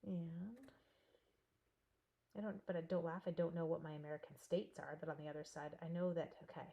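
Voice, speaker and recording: This middle-aged Canadian crafter hosts a live class, chatty and giggly, talking to herself as she works and to her viewers. Her voice sits on the low side, gravelly and dark in tone, with fairly even intonation and a fairly quick pace.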